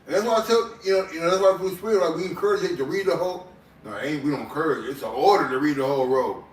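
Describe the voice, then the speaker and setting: Exhorting man, high voice, echoey room. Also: a little hiss or hum. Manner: preachy, exhorting, fills pauses with long strings of "um". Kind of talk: casual faith group discussion. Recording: echoey room, mic far off.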